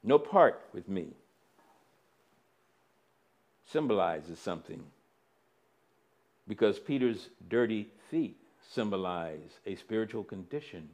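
A man preaching a sermon, slow and deliberate, with dramatic swings between loud emphasis and near-quiet. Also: lowish voice, big pitch swings.

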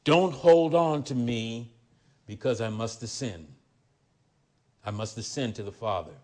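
A man preaching a sermon, reading scripture aloud with rising emphasis, then dropping into quiet commentary. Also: medium pitch, measured pace.

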